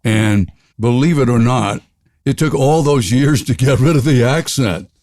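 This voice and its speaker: Older Southern-raised radio veteran, interview guest, loves jokes and silly voices; dry close mic. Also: male voice, medium pitch, unhurried, a little mellow, no echo. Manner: jokey, playful voices, laughs often. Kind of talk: storytelling interview.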